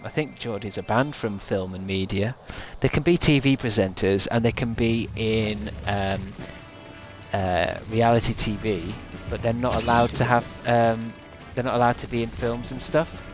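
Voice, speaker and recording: A British man streaming a video game, chatting in a rambling, jokey way and trying out silly voices. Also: medium pitch. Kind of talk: casual game stream chat. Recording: game music behind.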